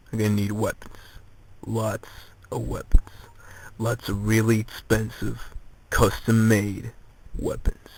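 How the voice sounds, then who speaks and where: A man giving a casual spoken movie review, retelling the plot in a rambling, halting way. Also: medium pitch, a bit bright, dry recording, poor audio.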